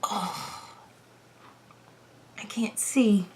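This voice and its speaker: Slow-talking woman vlogger muttering to herself. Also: mid-range voice, noisy background. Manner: frantic pleading, muttering asides, half-whispered curses. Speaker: TV reaction vlogger. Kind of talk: casual chat to herself while setting up. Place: home room by her chair, dog nearby.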